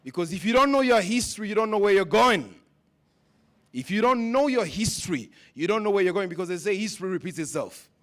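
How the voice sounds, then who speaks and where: Guy with a pretty high voice preaching to a conference crowd, keeps asking them stuff. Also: expressive, brisk, a bit bright. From West Africa. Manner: preachy, repeats questions to the audience. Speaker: summit speaker. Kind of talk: motivational speech. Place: conference hall.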